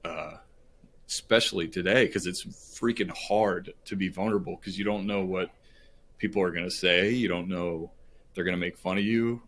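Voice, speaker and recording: A man's voice: deep voice, fairly even intonation, moderate pace, a bit bright, slight background noise. A man being interviewed on a podcast, telling a personal story in an earnest, rambling way with many fillers. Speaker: podcast guest.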